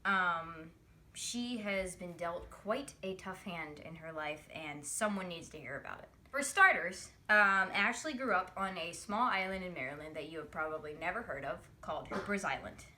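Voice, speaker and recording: A woman's voice: lowish voice, lively intonation, moderate pace, bright, forceful tone, a little hiss or hum. A young woman addressing the camera in a chatty, earnest way, with frequent fillers as she tells a friend's story. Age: young adult. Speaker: college student telling a friend's story. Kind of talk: direct-to-camera video message.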